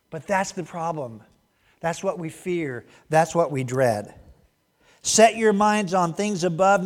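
Male preacher, fairly high voice, conversational sermon that moves from animated to hushed. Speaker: pastor.

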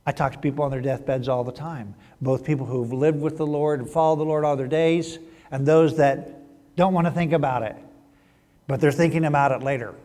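A man's voice: a little high, fairly even intonation, brisk, warm tone. A middle-aged man, a pastor, delivering a sermon with emphatic swells and drops in volume. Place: church sanctuary. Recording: long hall reverb.

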